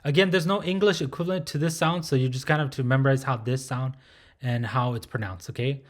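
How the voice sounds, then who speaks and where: A man's voice: medium pitch, quick pace. A man teaching pronunciation patiently, repeating each sound and often checking in with the learner. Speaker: language teacher. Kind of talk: pronunciation lesson.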